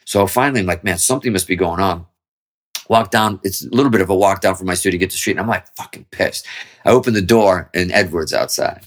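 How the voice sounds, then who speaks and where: A man with a deep, low voice talks quickly as a guest in a relaxed interview. He rambles through a story and swears freely. He often starts his sentences over. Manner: rambling, profane, with frequent restarts. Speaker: guest musician.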